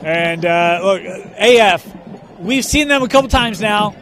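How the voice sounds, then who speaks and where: A man doing play-by-play commentary on a high school football game, brisk in his calls and bantering with his co-host. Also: animated, a bit bright, faint music behind. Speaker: play-by-play announcer. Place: stadium press box.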